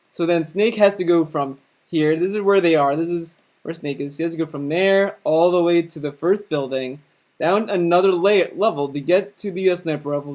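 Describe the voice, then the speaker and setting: A man's voice: fairly high pitch, darkish tone. A man giving a crude, sarcastic comedic recap of a video game's story. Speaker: video host.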